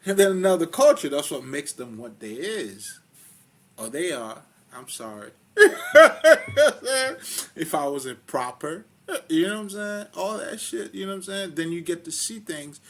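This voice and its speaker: A man giving a casual spiritual talk, rambling and profane, full of fillers and loud laughs between points. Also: on the high side, moderate pace. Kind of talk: casual spoken monologue.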